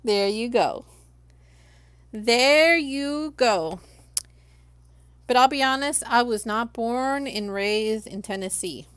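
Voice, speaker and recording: A woman's voice: a little high, takes it slowly, long pauses, fairly bright tone, clear, resonant tone, no echo. A young adult woman from Los Angeles, chatting casually on a live stream and talking viewers through each crafting step.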